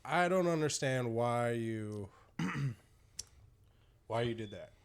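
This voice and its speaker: A man's voice: medium pitch, lively intonation, drawn-out words. Laid-back man asking questions. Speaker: podcast co-host. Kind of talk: casual chat.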